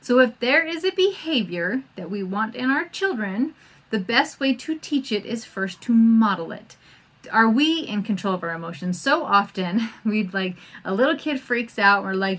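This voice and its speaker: A middle-aged woman hosting a homeschooling podcast, talking in a chatty, animated way and acting out the voices she quotes. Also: fairly high pitch, moderate pace. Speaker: podcast host and homeschool coach. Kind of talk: casual podcast talk.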